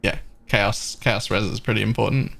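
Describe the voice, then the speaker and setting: A man's voice: fairly low pitch, fairly even intonation, moderate pace, vocal fry, fairly bright tone, slight background noise. A man streaming a game live, giving casual, rambling commentary and thinking aloud as he plays.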